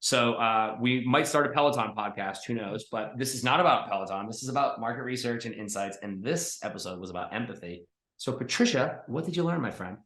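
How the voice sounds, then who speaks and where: A man's voice: mid-range voice, a little fast, a bit bright. A man from Boston hosting a podcast, talking in an effusive, friendly way with lots of fillers. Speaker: podcast host. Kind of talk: casual interview chat. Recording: roomy echo.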